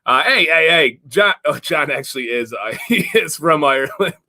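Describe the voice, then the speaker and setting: A man's voice: a little high, lively intonation, normal speed, sharp tone. A man co-hosting a casual live stream, chatty and upbeat, greeting viewers and reading their comments. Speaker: livestream co-host.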